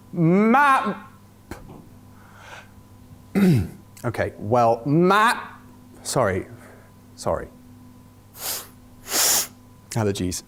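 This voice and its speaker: Stammery flustered guy hosting a gaming sketch, slowish, voice swoops up and down. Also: medium pitch. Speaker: esports broadcast host. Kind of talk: scripted comedy sketch.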